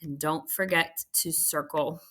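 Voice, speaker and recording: A woman teacher walking students through a recorded phonics lesson, patient and checking in often with a quick "okay?". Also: deep voice, steady tone, pushed and bright.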